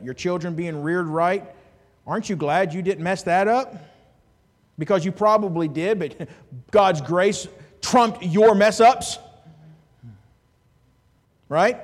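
A man preaching a sermon as a pastor, animated, swinging between loud and hushed, with chuckling asides. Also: sits high, slow pace, long pauses, big-room sound.

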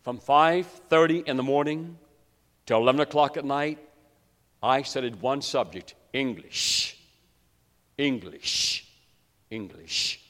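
A man from West Virginia preaching a sermon to his congregation, telling a story dramatically and swinging between hushed and loud. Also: mid-range voice, moderate pace. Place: church sanctuary. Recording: long reverb of a large hall.

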